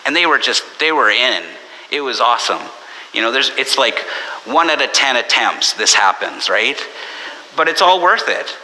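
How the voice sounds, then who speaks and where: A man preaching a sermon as pastor, conversational and anecdotal, slipping into animated voices for the people he quotes. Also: medium pitch, moderate pace. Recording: long church reverb with faint hiss.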